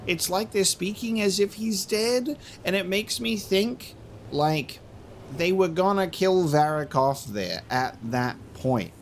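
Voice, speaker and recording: A man's voice: sits high, lively intonation, slow pace, a little hiss or hum. A man giving casual, rambling commentary while playing a video game, musing aloud with plenty of fillers. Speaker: gameplay commentator. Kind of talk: casual let's play commentary.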